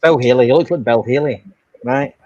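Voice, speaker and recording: Husky Irish man telling stories. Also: mid-range voice, brisk, dark tone, dry recording. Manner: swears freely, rambling storytelling with restarts. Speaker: storyteller in group chat. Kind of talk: casual anecdotal chat. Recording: dull lo-fi sound.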